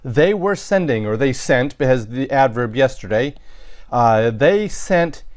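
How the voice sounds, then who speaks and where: In this recorded lesson, a male Latin teacher methodically explains sentences one step at a time, occasionally using fillers and correcting himself. His voice is medium-pitched and expressive, and his pace is a little slow.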